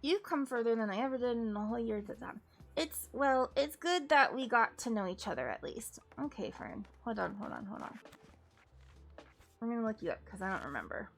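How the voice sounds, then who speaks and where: Over faint game music, a woman talks to her viewers during a live game stream in a fairly high, animated voice that runs a little fast. She's giggly and casual, pausing frequently to fix what she's said.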